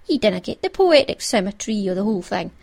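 A woman's voice: mid-range voice, big pitch swings, quick pace, creaky, a little mellow. A woman reading aloud and voicing a small, fierce Scottish clan chief in broad dialect, blustering and commanding. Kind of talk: storybook reading.

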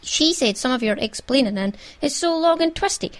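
A woman's voice: animated, normal speed. A woman reading aloud and voicing a dim, timid little Scottish man who wails anxiously. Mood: admiring. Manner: squeaky, anxious wailing. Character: dim-witted little male Scottish pictsie, nervous and timid. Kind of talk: storybook reading.

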